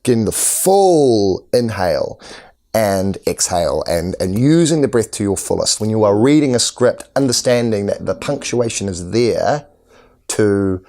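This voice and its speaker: Guy with a lowish voice, acting teacher, talks earnest and restarts a lot. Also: very animated, a little slow, warm tone. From New Zealand. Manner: earnest, explanatory, with many restarts. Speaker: actor and acting tutor. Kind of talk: interview answers.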